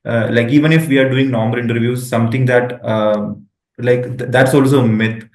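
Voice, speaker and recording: A man hosting an interview, his voice sounding roomy and echoey. He asks his questions casually and hesitantly, restarting phrases and filling pauses often. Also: medium pitch, steady tone, a little mellow. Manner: hesitant, many fillers and restarts. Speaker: interview host. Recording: echoey room.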